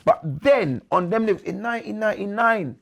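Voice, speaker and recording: A man's voice: high voice, a little fast, gravelly, fairly bright tone. A man chatting in a casual interview, slangy and repetitive, forever asking "you understand". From England. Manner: slangy street talk, repeats 'you understand'. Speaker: MC, guest.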